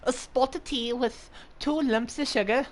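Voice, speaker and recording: A man's voice: very high voice, steady tone, a little slow, slight background noise, voice pushed up. A man putting on a playful, exaggerated British accent as a cheeky tea-orderer. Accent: put-on British.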